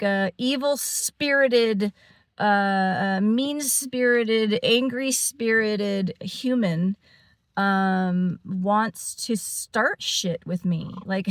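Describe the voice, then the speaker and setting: Woman vlogging a story to her camera, rambly w lots of ums and restarts, mid pitch, dry close sound. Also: smooth, no room sound. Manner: rambling, many fillers and restarts, laughs often. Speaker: paranormal channel host.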